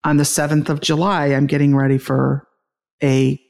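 A woman's voice: sits low, little pitch movement, normal speed, gravelly, darkish tone. A middle-aged woman telling an interviewer about the day her son died, emotional, laughing through grief, with many restarts. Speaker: guest, bereaved mother and author. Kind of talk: conversational interview storytelling.

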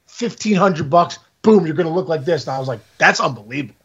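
40s guy hosting a podcast, high-ish gravelly husky voice, hyped up and laughing through a wild story. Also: a little fast, few pauses, dull audio. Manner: excitable, exaggerating, laughs at his own story. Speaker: podcast host. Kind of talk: casual storytelling chat.

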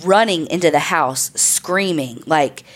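Woman, podcast host, lowish voice, casual storytelling, chatty, profane. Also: measured pace. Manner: chatty, profane, full of "like" and "I mean". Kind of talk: casual true crime storytelling.

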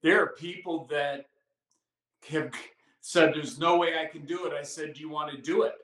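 A man who guides canyon hikes, telling stories in an animated, chatty way and acting out what people said. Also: fairly high pitch, moderate pace, reverberant, low-quality recording. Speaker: canyon hiking guide, record witness. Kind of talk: casual interview storytelling.

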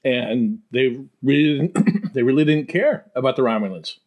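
A man's voice: medium pitch, lively intonation, normal speed, muffled recording. A man in his sixties, a podcast guest, talking in an easygoing, playful way. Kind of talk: casual podcast chat.

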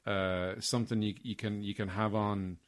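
A man's voice: on the low side, flat delivery, normal speed. A man co-hosting a podcast, giving blunt, casually profane opinions about films. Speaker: podcast co-host. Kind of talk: casual film chat.

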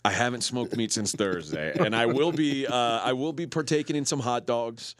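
A man grumbles his way through sports radio banter in a deadpan, cynical tone. His voice sits at a middling pitch. The sound is dry and close, with no room around it. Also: moderate pace, no echo. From Texas. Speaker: co-host. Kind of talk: casual sports radio chat.

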